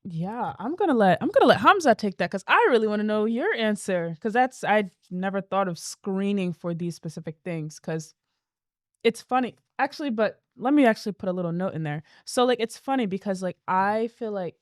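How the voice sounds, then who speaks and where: A woman's voice: mid-range voice, expressive, fairly quick, no room sound, clean studio sound. A woman from Nigeria chatting casually as a podcast guest, filling her speech with "like". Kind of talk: casual chat.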